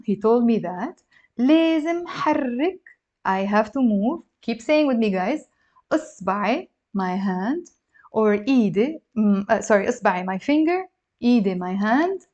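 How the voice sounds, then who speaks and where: A woman with a Lebanese accent teaching a language lesson, lively and encouraging, repeating words slowly for her learners. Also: a little high. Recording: slightly dull lo-fi sound.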